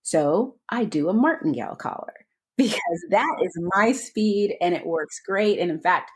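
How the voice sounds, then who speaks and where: A woman's voice: on the low side, animated, a little slow, breathy edge. A woman co-hosting a podcast in casual chat, talking freely with frequent laughs and restarts. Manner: chatty, laughs often, trailing restarts. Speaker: podcast co-host.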